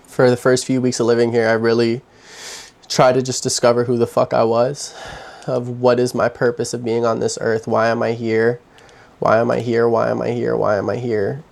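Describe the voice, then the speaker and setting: A young man vlogging from his home, telling his own story in a candid, halting way with heavy sighs. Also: mid-range voice, gravelly, darkish tone. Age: young adult. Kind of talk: personal confessional story.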